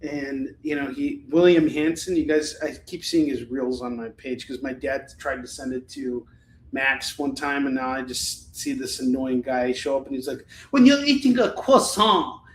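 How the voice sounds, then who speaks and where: A man's voice: mid-range voice, level tone, normal speed, slight background noise. Man casually selling comics on stream. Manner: casual and rambling, swears freely. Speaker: live shopping stream host selling comics. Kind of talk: casual live-stream sales chat. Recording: echoey room.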